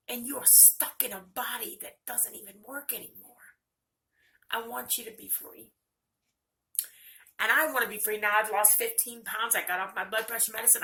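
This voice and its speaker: A woman's voice: on the high side, sharp tone. An older woman talking candidly and earnestly in a personal video monologue, speaking straight to her viewers. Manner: candid, earnest, close to tears at times. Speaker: vlogger.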